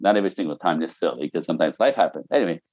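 Animated man with lively pitch. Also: racing, dry recording, dull audio. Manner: animated storyteller, mimics voices, laughs often. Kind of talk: casual podcast chat.

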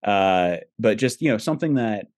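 A man's voice: lowish voice, expressive, normal speed, darkish tone, no echo, clean studio sound. A man hosting an interview, asking questions in a hesitant way with many fillers. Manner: hesitant, filler-heavy phrasing. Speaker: podcast host. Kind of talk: casual interview chat.

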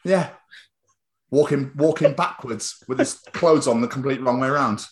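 A man's voice: medium pitch, normal speed. A man hosting a podcast in casual, rambling, sweary comic chat. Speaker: podcast host.

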